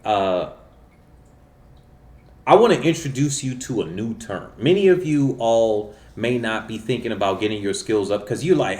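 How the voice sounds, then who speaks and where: A man's voice: lowish voice, lively intonation, normal speed, darkish tone. A man hosting his own channel, talking in a casual, rambling monologue full of fillers and self-corrections. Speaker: channel host. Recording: roomy echo.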